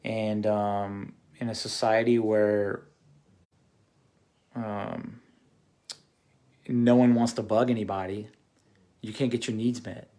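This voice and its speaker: A man's voice: fairly low pitch, little pitch movement, slow pace, long pauses, warm tone. A man hosting a casual livestream, talking earnestly to his viewers with many fillers and restarts. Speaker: host of a phone-flipping channel.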